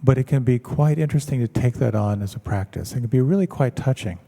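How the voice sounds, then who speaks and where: A man, a meditation teacher, giving a measured, reflective talk and telling stories to an audience in a large hall. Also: medium pitch, gravelly, dark tone. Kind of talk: dharma talk.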